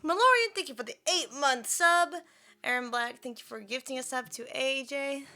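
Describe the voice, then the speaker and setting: A woman livestreaming, chatting casually, thanking subscribers and talking in a high sing-song baby voice to her dog. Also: moderate pace, bright, forceful tone.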